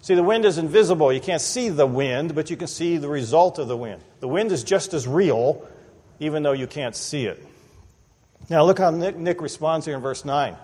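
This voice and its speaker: A man preaching an expository sermon in a church, animated and conversational, often acting out the people he quotes. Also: fairly high pitch, normal speed, slightly rough. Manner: animated, acts out quoted voices, conversational asides. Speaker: pastor. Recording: long reverb of a large hall.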